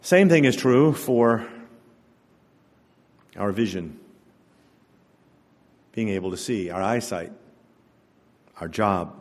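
A man's voice: fairly low pitch, expressive, slow, long pauses, a little mellow. A male pastor giving a sermon to his congregation in a church, telling stories in a conversational, humorous way. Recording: echoey church hall.

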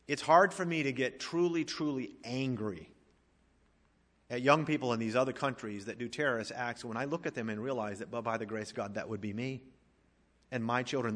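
A middle-aged man preaching a sermon, swinging from emphatic rising questions to quiet, intimate storytelling. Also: medium pitch. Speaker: pastor. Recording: long hall reverb.

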